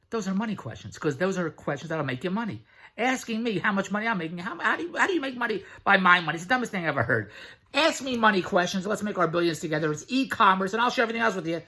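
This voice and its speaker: A middle-aged man giving a blunt, pushy sales pitch straight to the camera, repeating his slogans and swearing freely. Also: big pitch swings, fast talker, pushed and bright. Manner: blunt, pushy, repetitive hard sell with profanity. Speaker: online business promoter.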